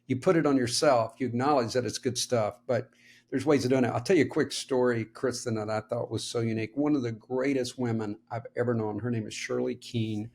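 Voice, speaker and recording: Gravelly-voiced man podcast co-host. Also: medium pitch, fairly even intonation, fairly quick, slight background noise. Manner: warm storyteller, laughs easily. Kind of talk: casual podcast discussion.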